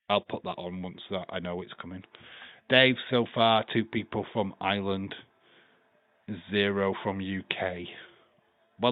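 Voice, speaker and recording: In a dry recording with phone-quality sound, a deep-voiced man with a Yorkshire accent hosts a livestream watch-along. He keeps things casual, laughing often, swearing and reading the chat out loud.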